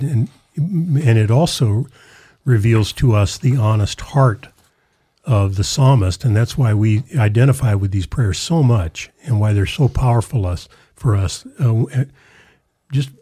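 A man's voice: mid-range voice, dark tone, breathy edge, no room sound. A man, a pastor, speaking earnestly and affirmingly in a casual discussion of scripture.

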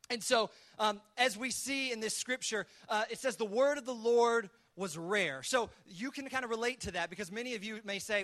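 A man preaching a conversational sermon, telling the story in a casual, chatty way with lively acted asides. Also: high voice, normal speed. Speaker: pastor.

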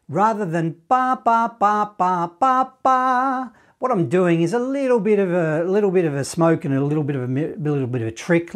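A man teaching a saxophone lesson, walking through the notes in a relaxed, encouraging way and scatting the phrases. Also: a little high. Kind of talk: online music lesson.

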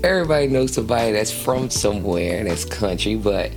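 A woman's voice: very deep voice, animated, brisk, music in the background. A woman from New Jersey hosting a casual interview, playful and slangy, laughing often. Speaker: host.

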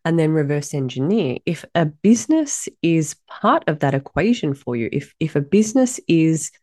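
A woman hosting a solo podcast, her voice husky and hoarse from a recent illness, talking in an enthusiastic, effusive, chatty way. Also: low-pitched, big pitch swings, normal speed, a little mellow, no echo, studio quality. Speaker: podcast host.

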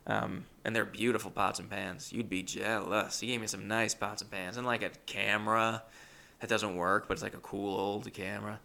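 A man's voice: fairly low pitch, little pitch movement, moderate pace, vocal fry, bright, forceful tone. A young man, a comedian, telling a rambling, self-deprecating story. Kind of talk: comic storytelling.

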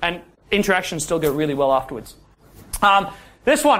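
With a high, fairly bright, sing-song voice at a brisk pace, a dating coach teaches a class. He's direct, throws questions at the room, and regularly closes his points with "yeah?"

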